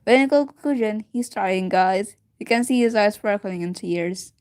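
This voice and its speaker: A woman's voice: mid-range voice, measured pace, darkish tone. Woman reader, casual read-aloud of a story, stumbles and restarts, giggly asides, mid-range voice.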